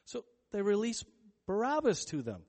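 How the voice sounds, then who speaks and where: A man's voice: a little high, expressive, moderate pace. A male pastor preaching a sermon in a casual, conversational way, retelling a story and acting out the quotes of its characters. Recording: long reverb of a large hall.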